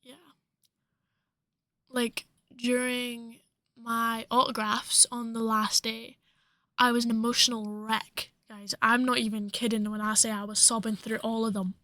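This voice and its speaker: Here a young podcast co-host rambles through casual chat, filling it with fillers. She sounds high-ish, level and bright, speaking at a measured pace with a forceful edge, and there's no room sound.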